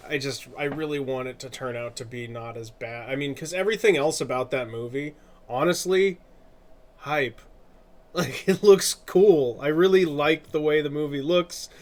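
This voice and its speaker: A man's voice: a little high, measured pace. Chatty male streamer, laughing often. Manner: chatty, rambling, laughs often, self-correcting. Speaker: streamer and artist. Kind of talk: casual live-stream chat.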